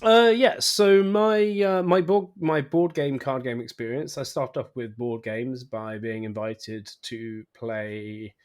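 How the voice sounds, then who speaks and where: Male host, mid-pitched, chatty and eager, stumbles over repeated words. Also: fairly even intonation, slow pace, few pauses, clean tone. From England. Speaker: podcast host. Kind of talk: casual chat.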